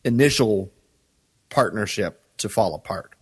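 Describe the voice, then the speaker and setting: Slow-talking laid-back male podcaster. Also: fairly low pitch, lively intonation, slightly rough. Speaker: podcast co-host. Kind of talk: casual fan podcast discussion.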